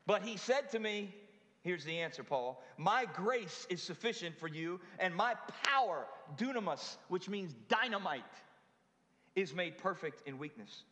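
A man's voice: high voice, expressive, a little slow, fairly bright tone. Man preaching in a reverberant sanctuary. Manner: conversational preaching with asides to the congregation. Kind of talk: sermon. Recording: long hall reverb.

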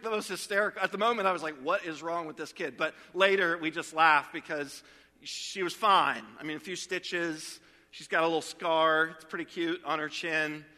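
Male pastor, 30s, casual storytelling sermon, crisp bright tone in an echoing sanctuary. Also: fairly high pitch. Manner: storytelling, conversational.

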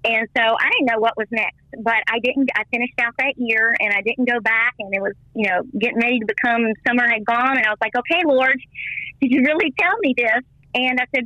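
A woman's voice: no echo, muffled recording. A middle-aged woman, a former missionary and teacher, telling her faith story in an interview and acting out the voices she quotes. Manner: lively storyteller, acts out quoted voices with big pitch jumps. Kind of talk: personal faith story told in conversation.

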